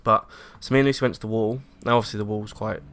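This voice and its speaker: A young English man in casual podcast chat, animated, acting out the people in his story. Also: lowish voice, rapid-fire, clear, resonant tone. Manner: animated storyteller, acts out quotes, laughs often. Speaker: podcast co-host.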